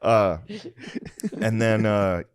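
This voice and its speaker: An American man in his thirties tells stories on a podcast in a casual, profane way, often laughing. His voice sits low, and it is recorded dry and close. He acts out his relatives in high, loud voices. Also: fairly even intonation, very slow, clean tone, no echo. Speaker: podcast co-host. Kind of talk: casual storytelling chat.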